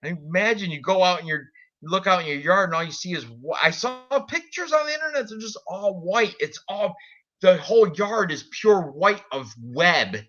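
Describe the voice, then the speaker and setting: A man co-hosting a casual betting stream, chatting excitably, his voice shooting up high when something shocks him. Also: moderate pace. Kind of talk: casual chat. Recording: dull lo-fi stream audio.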